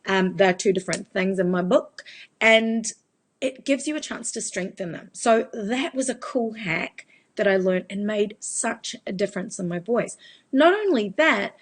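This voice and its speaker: A woman's voice: medium pitch, expressive, unhurried, husky. A woman, giving a chatty live Q&A as a vocal coach. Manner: chatty, explanatory, demonstrates voice changes. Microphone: phone.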